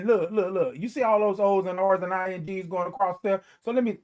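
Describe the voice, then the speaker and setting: A high-voiced man full of energy runs a morning livestream and welcomes his live viewers casually. Animated, he sings fragments of songs and belts out long, drawn-out greetings.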